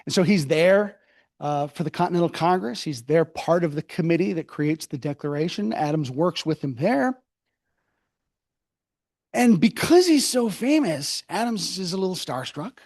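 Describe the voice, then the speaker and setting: A man gives a public history lecture in a university hall. He tells it as a lively storyteller, mocking people in quick asides. His voice sits a little high and swings widely in pitch. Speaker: author giving a book talk.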